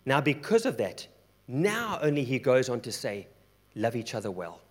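A man's voice: medium pitch, very animated, normal speed, breathy edge. A middle-aged man preaching a sermon who acts out the voices of the people in the story. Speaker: pastor.

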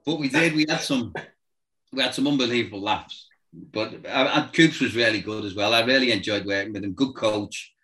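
A former football manager telling lively anecdotes in casual chat, acting out voices and noises and laughing often. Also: male voice, mid-range voice, normal speed, rough recording.

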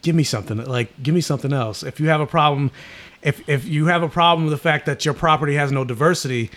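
A young man co-hosting a relaxed podcast, talking in a slightly high voice. He is laid-back, often trails off mid-thought and reads news items aloud in a flatter tone. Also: quick pace. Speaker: podcast co-host. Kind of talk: casual chat.

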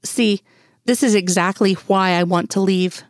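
A woman voicing an exasperated grown woman, a sharp FBI doctor, in a fan story reading. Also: mid-range voice, a little slow, dry recording, clean studio sound, natural voice. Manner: exasperated, pleading.

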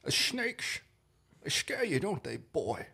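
A man's voice: fairly high pitch, very animated, creaky, sharp tone, husky, voice pushed up, exaggerated voice. A man doing a teasing older film star. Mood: taunting. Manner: drawn-out taunting, odd stresses. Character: older Scottish-accented film actor, teasing, gruff.

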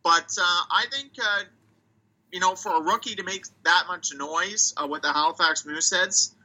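Bright-voiced man chatting hockey. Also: sits high, normal speed, low-quality recording. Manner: thinks aloud, restarts and hedges, reads stats off a site. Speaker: hockey podcast co-host. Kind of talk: casual chat.

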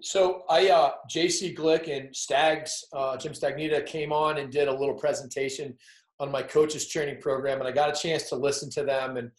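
A man's voice: a little high, fairly even intonation, moderate pace, roomy sound, poor audio. A man interviewing a coach, asking long, hesitant questions full of fillers.

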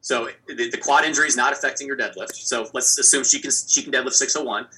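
Very bright-voiced analytical man. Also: mid-range voice, fast, low-quality recording. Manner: analytical, working through numbers aloud. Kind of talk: casual sports chat.

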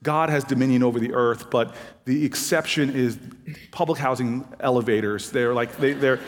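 Male storyteller, mid pitch, animated, plays every part in his anecdote, big reverberant hall. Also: moderate pace. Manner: animated anecdotal storytelling, acting out both sides of dialogue. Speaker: author and former city politician. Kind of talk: storytelling talk.

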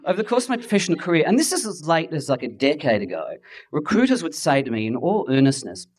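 A man's voice: on the high side, very animated, quick pace. A middle-aged man from Adelaide telling his story with wry humor to an audience. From Adelaide, Australia. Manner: wry, self-deprecating, with playful impressions and asides. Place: event hall with audience. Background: audience laughter.

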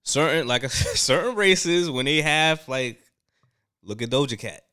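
A man's voice: fairly high pitch, expressive, unhurried, pushed and bright, smooth. A man co-hosting a casual chat, talking in a laid-back, loose way full of fillers and frequent laughs.

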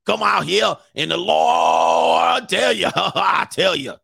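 A hollering preacher scolds his flock in a slow, sing-song pulpit rhythm, voiced by a man. The voice sits high and gravelly, and it is recorded dry and close. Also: no room sound, exaggerated voice. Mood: preachy shouting. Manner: loud drawn-out preaching cadence.

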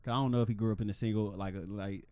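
A man co-hosting a podcast in casual banter, animated and laughing often as he acts out quotes. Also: fairly low pitch, rapid-fire, clear, resonant tone, no room sound. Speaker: podcast co-host.

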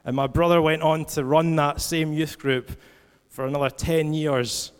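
A man's voice: fairly high pitch, fairly even intonation, a little slow, clear, resonant tone. A man in his forties preaching a sermon, reading scripture and telling stories in a conversational way. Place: church hall. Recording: long church-hall reverb.

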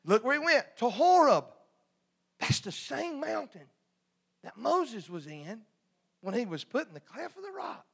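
A man's voice: very high-pitched, sing-song, unhurried, gravelly, long pauses, fairly bright tone, slightly rough. A man preaching a sermon in a folksy, humorous call-and-response style.

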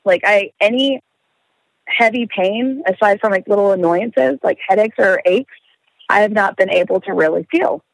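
A woman's voice: medium pitch, moderate pace, vocal fry, dry recording, poor audio. A young woman telling a story in casual chat, swearing freely, laughing and acting out the voices of the people in it.

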